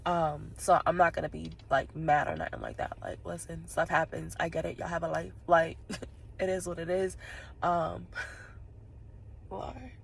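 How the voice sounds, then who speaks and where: Tearful woman with a gravelly low voice. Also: animated, normal speed, slight background noise. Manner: rambling, talks straight to viewers, laughs through tears. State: tearful and sniffling. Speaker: vlogger. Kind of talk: casual vlog monologue. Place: inside her parked car.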